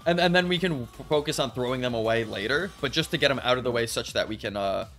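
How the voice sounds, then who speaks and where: A man's voice: medium pitch, lively intonation, fast, a bit bright. A man streaming a cooking game with friends, casually explaining the mechanics in rambling, restarting sentences. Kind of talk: casual gaming chat.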